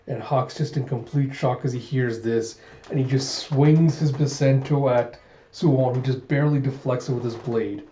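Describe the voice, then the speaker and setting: A young man casually retelling a manga's panels in a relaxed, play-by-play way. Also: medium pitch, moderate pace, a little hiss or hum. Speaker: manga reader and narrator. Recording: echoey room, dull lo-fi sound.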